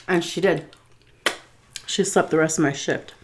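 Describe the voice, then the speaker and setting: A woman from Texas telling a story time while she eats, chatty and animated, quoting dialogue with soft asides about her food. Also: fairly low pitch, measured pace, noisy background. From Texas, USA. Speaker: food vlogger.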